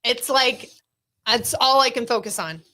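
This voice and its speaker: A woman from Arizona co-hosting a podcast in relaxed, casual chat. Her voice sits high, and she tells her stories in an animated, chatty way. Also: measured pace. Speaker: podcast co-host.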